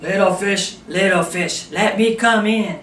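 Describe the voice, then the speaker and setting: A big bad storybook shark with a forceful, growly voice and slow, heavy threats, as a woman puts him on. The sound is roomy and from some distance off, with a faint hiss. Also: mid-range voice, natural voice. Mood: menacing. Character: big bad hungry male shark, menacing.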